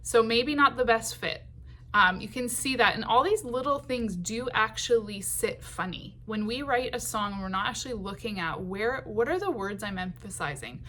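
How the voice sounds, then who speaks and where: A woman teaching songwriting in a patient, unhurried way, with many ums and short sung phrases. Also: fairly high pitch, pushed and bright, a little hiss or hum.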